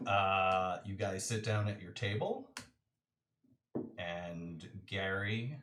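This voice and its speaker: A man's voice: low voice, slow, long pauses, fairly bright tone, roomy sound, a little hiss or hum. A man narrating a tabletop role-playing game as game master, with lots of fillers.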